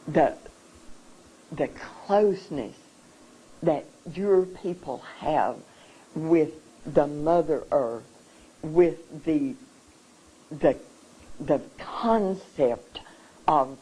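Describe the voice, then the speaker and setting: A woman giving an earnest, emotional talk at a seminar, speaking haltingly and repeating herself as she searches for words. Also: low-pitched, expressive, dark tone, breathy edge, poor audio.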